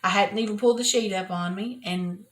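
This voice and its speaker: An older woman, sharing a personal devotional talk from her office in an earnest, repetitive, often soft-spoken way. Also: medium pitch, fairly quick. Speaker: Christian video host. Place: private office at work.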